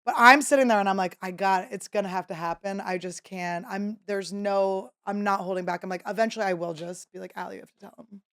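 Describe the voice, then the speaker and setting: A woman in her thirties hosting a podcast, telling a story in casual chat and acting out quotes in a higher voice. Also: a little fast, few pauses. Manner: animated, acts out quotes in a high voice. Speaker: podcast host.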